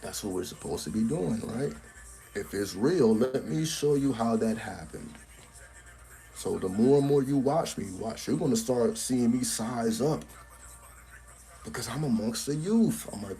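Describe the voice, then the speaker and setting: A man's voice: lowish voice, expressive, moderate pace, warm tone. A man giving a casual live-stream talk on a cell phone, blunt and profane, tagging his points with "right?", with faint music behind him. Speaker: spiritual content creator.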